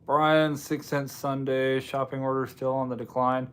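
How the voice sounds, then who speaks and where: A man's voice: mid-range voice, little pitch movement, a little slow, fairly bright tone, smooth. A man hosting a casual livestream, chatting with viewers in a rambling, self-deprecating way. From United States. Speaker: livestream host. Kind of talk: casual live chat with viewers.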